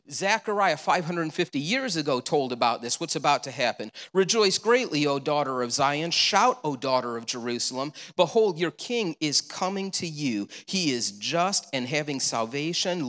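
Man, pastor, sermon, higher-pitched voice, rhetorical questions, storytelling delivery, echoing church hall. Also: a bit bright.

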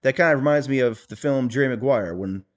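A man's voice: mid-range voice, quick pace, natural voice. A man doing a stiff, boastful rich politician. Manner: stiff, folksy bragging with clumsy jokes. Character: awkward, boastful rich male politician on a state-by-state tour. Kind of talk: comedic impression monologue.

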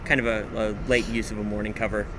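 A man's voice: fairly low pitch, level tone, fast, noisy background. A young man, an auction house president, talking eagerly and in detail about his stamp collection at a busy stamp show. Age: young adult. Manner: enthusiastic, detailed, with frequent fillers. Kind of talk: casual interview at a stamp show.

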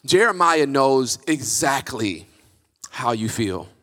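A male pastor preaching a sermon in a church, impassioned and emphatic, building to near-shouts. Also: mid-range voice, very animated, slow. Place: church sanctuary. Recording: reverberant church hall.

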